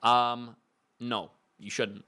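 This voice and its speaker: A young man with a British English accent, a maths tutor answering viewers' questions in a relaxed, chatty livestream with plenty of fillers and restarts. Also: medium pitch, extremely slow, smooth. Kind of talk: casual livestream Q&A.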